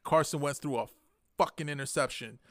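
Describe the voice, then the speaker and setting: A man co-hosting a casual podcast, telling a story animatedly and swinging between muttering and excited outbursts. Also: fairly high pitch, fairly quick, no echo, clean studio sound. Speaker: podcast co-host. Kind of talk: casual chat.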